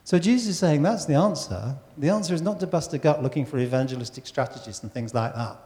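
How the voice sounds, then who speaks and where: A man's voice: on the high side, quick pace, mellow. Preacher man, echoing church hall. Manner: conversational, asks the congregation questions. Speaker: pastor. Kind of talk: sermon. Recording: church hall with long reverb.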